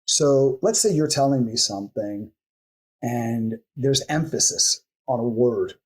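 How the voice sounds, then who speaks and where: In a podcast interview, a coaching expert with a medium-pitched, slightly breathy voice explains his method. He reels off strings of coaching questions and acts out client replies in quick asides.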